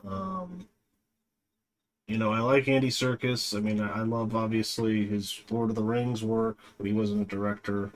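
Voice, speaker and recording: A man's voice: fairly low pitch, moderate pace. A man reviewing a movie in a casual, rambling way, with lots of fillers and a dismissive tone.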